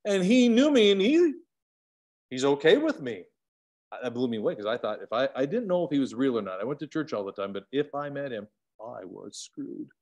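A man teaching an online Bible study over a video call, animated, swinging between loud emphatic bursts and quiet asides. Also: mid-range voice, brisk.

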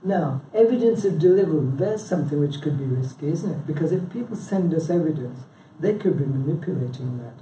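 A man's voice: a little high, expressive, brisk, few pauses, warm tone, far from the mic, a little hiss or hum. A man chairing a local branch, giving an informal presentation and quizzing the audience, chatty and prone to restarts. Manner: chatty, self-interrupting, with frequent "yeah?" and "you know". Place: meeting room with a live audience. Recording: echoey room, speaker away from the mic.

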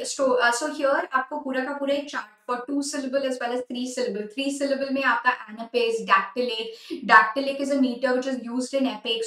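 A young woman with an Indian English accent teaches a live online exam-prep class, mixing English and Hindi and repeating key points. Her voice sits high and moves at a quick clip. It comes through an echoey room, a little away from the mic. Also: fairly bright tone, far from the mic. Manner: switches between English and Hindi mid-sentence.

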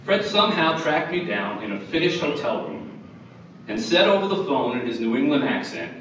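A man's voice: fairly high pitch, sing-song, normal speed, a bit bright, a little hiss or hum. A man in his fifties giving an earnest award acceptance speech with wry humor. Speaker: award recipient. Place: large hotel ballroom. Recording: echoey ballroom from far off.

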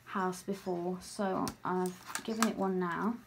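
A young British woman in a casual home vlog, showing off her new pet tarantula and often slipping into a high, slow baby voice to coo at it. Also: fairly even intonation, background noise. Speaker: vlogger showing her pets.

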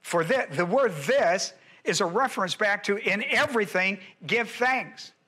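A man's voice: sits high, measured pace, pushed and bright. A male pastor teaching a Bible lesson verse by verse, emphatic and repeating key phrases as he quizzes his listeners.

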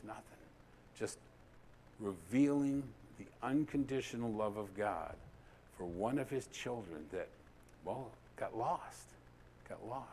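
A pastor preaches a sermon in a mid-range voice, telling stories and swinging between loud, emphatic lines and soft, hushed ones, sometimes dropping to near a whisper. There's a little hiss or hum in the audio.

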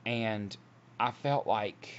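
A man's voice: lowish voice, extremely slow. A man preaching casually from home, earnest and rambling, with many restarts. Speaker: online Christian video preacher. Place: at home, seated. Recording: dull lo-fi audio with faint hiss.

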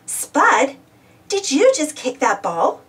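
A woman doing a brisk bossy builder woman. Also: high voice, sing-song, fairly bright tone, distant mic, voice pushed up. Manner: brisk, firm. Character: capable bossy female builder, team leader.

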